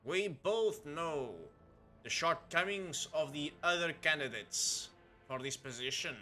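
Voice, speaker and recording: A man's voice: a little high, pushed and bright, soft background music. Man voicing a stern scheming Inquisitor. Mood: persuasive. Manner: measured, formal, persuasive.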